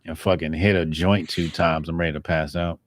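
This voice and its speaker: Low-voiced profane man joking around. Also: steady tone, brisk. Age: middle-aged. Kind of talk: casual chat.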